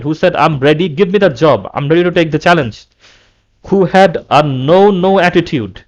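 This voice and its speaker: A man's voice: sits high, darkish tone. A man vlogging an angry, repetitive fan rant, often restarting his sentences.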